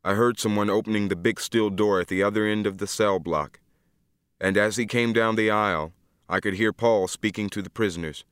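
A man reading first-person literary narration for an audiobook, measured and unhurried, on a close studio mic. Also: lowish voice, a bit bright, smooth, no room sound.

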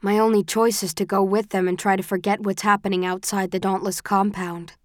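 Audiobook narrator, woman, level and unhurried, very dry recording. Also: medium pitch, little pitch movement, no room sound. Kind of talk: scripted first-person narration.

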